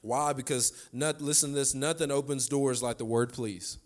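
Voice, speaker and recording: A man's voice: mid-range voice, fairly even intonation, normal speed. A man, preaching a sermon to a congregation and repeating key lines for emphasis. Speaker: pastor. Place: church sanctuary.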